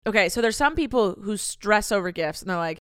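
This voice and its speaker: A young adult woman co-hosting a podcast in casual chat, joking and reacting quickly. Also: medium pitch, animated, a bit bright, clear, resonant tone, dry recording, studio quality. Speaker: podcast co-host.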